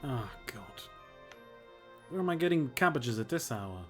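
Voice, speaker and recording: A man's voice: mid-range voice, sing-song, a little slow, soft background music. A man streaming a video game, joking and laughing as he talks to himself. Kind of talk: casual game commentary.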